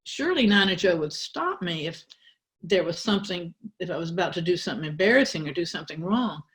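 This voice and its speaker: An older woman telling a personal story aloud, in a wry, candid way with pauses and restarts. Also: fairly low pitch, animated, a bit bright. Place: church.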